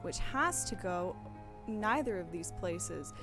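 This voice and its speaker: A woman co-hosting a game stream, talking through a puzzle with excitable, profane commentary. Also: on the low side, takes it slowly, faint music behind. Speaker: streamer and co-host.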